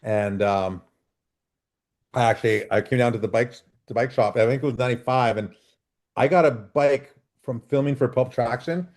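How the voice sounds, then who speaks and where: A middle-aged man from Canada, a freeride mountain biker telling lively stories as a podcast guest over a video call and acting out the dialogue. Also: mid-range voice, moderate pace. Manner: animated storyteller, acts out quoted dialogue. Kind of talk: casual storytelling interview.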